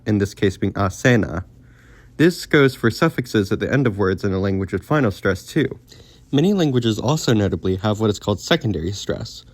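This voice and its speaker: Man, lowish voice, scripted explainer narration, steady and informative, dry close mic. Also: no room sound. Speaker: educational video creator.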